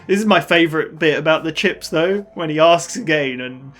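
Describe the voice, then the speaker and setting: A man's voice: a little high, moderate pace, a bit bright, faint music behind. A man co-hosting a reaction show, retelling scenes in casual chat, acting out lines in put-on voices and laughing often. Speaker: reaction channel co-host.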